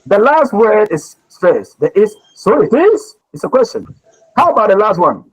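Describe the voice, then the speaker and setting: A man's voice: high-pitched, big pitch swings, moderate pace, poor audio. A man teaching a communication class, lecturing and questioning students, often repeating his words.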